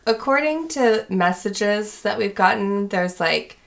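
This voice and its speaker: A woman's voice: medium pitch, lively intonation, slow, gravelly. A woman co-hosting a podcast in casual chat, joking in a dry, understated way. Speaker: podcast co-host.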